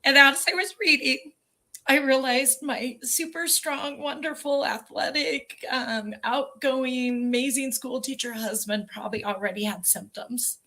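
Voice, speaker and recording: A woman's voice: high voice, unhurried, bright, forceful tone. A woman in her forties, a podcast guest telling an emotional personal story earnestly, with many fillers.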